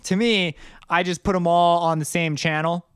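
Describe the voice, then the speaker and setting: Rambling man with a smooth, dry voice. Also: sits high, fairly even intonation, normal speed, no echo. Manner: rambling, self-correcting, laughs at himself. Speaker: music producer teaching track production. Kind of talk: casual tutorial talk.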